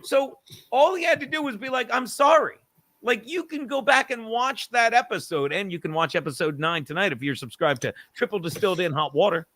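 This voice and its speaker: A man's voice: sits high, fairly quick. A middle-aged man hosting a casual comedy podcast, ranting and swearing, often laughing at himself. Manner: animated, swearing, argues with self, laughs often. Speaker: podcast host.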